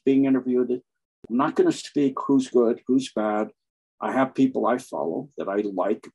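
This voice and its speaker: A man's voice: fairly low pitch, a little mellow, breathy edge, low-quality recording. A man speaking as a guest in an impassioned, preachy monologue, pressing his points with emphasis. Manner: preachy, emphatic, keeps acting out quoted people. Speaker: guest on online channels.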